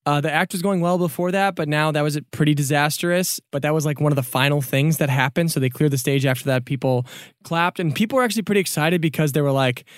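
A man's voice: a little high, no room sound, clean studio sound. A man narrating a tabletop game as game master in a casual, upbeat way. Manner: casual and upbeat, with quick bursts.

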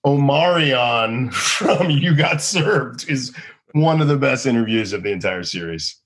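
Animated man telling wild stories. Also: a little slow. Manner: animated, acts out people in high excited bursts. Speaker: comedian guest. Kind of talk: casual storytelling.

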